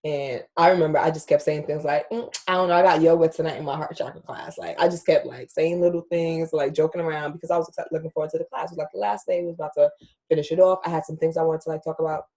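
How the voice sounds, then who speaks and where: This young adult podcast host recounts something personal in a casual, frank, emotional way, swearing freely and addressing her audience directly. She speaks fast, in a low, mellow voice with a steady tone.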